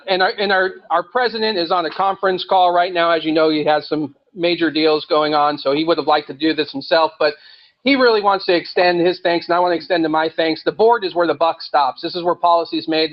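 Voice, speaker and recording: A man's voice: a little high, highs cut off. A man hosting a membership meeting, upbeat as he thanks committees and the board. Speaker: meeting host. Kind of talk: meeting announcements. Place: meeting hall.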